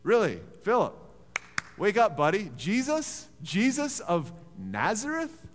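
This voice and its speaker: A man's voice: high-pitched, wildly swooping pitch, measured pace, fairly bright tone, a little hiss or hum, pitched above the performer's own voice, heavily acted. A man voicing a sarcastic, doubting man from a small town, mocking and incredulous, in an echoey church hall.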